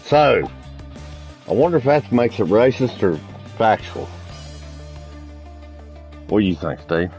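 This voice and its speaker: A man's voice: on the low side, very animated, slow pace, pauses often, a little mellow, soft background music. A man streaming a multiplayer game, chatting casually and crudely with friends, telling rambling stories and teasing them. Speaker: gaming streamer.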